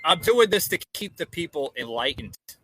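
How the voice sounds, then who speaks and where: A man's voice: on the high side, big pitch swings, brisk, sharp tone, no room sound, poor audio. A man hosting a casual political chat podcast from an outdoor porch, talking in a rambling way with lots of fillers and restarts. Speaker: podcast host.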